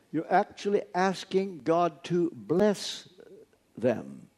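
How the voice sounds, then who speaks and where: A man's voice: on the high side, very animated, slow, a little mellow, husky. A man preaching a sermon, telling a personal story earnestly and stressing key words through repetition. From United States.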